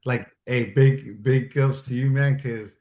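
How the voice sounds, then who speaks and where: Guy telling stories all animated, acts out the dialogue, echoey room. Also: medium pitch, slow pace. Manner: animated, acts out quoted dialogue, swears freely. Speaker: guest, military advisor and stuntman. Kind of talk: casual storytelling chat. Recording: roomy echo.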